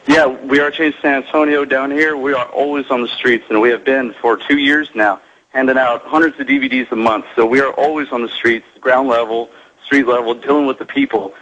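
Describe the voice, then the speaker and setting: A man's voice: mid-range voice, steady tone, brisk, fairly bright tone. Man on a dull lo-fi phone line. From South Texas. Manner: earnest storytelling, acts out others' voices. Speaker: caller, local activist. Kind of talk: phone-in account.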